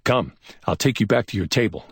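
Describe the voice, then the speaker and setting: A man's voice: fairly low pitch, animated, fairly quick, creaky, breathy edge, no echo, clean studio sound, pitched above the performer's own voice, exaggerated voice. A man voicing a stubborn male naval investigator who talks curt and clipped in a crime audiobook.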